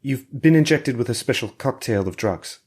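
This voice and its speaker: A man voicing a calm male interrogator who speaks softly and reassuringly, like a concerned parent. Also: medium pitch, normal speed, breathy edge, voice pushed up. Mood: pressing. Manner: soft, reassuring, coaxing.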